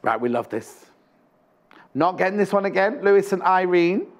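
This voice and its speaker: A man's voice: high voice, animated, normal speed. A man presenting a live home shopping TV show, chatting about fabrics and prices with jokey, teasing asides in a studio. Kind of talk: live TV sales chat.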